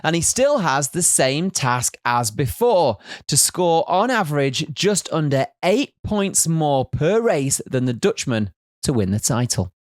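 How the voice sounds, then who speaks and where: Recap presenter, male, slightly high voice, dry sound, playful asides. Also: big pitch swings, unhurried, no room sound. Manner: jokey, teasing asides. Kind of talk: scripted race recap.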